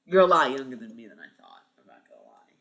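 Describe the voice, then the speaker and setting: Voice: mid-range voice, animated, fast, pushed and bright. A streamer around thirty chatting casually with viewers, thinking aloud and swearing freely. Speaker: live streamer.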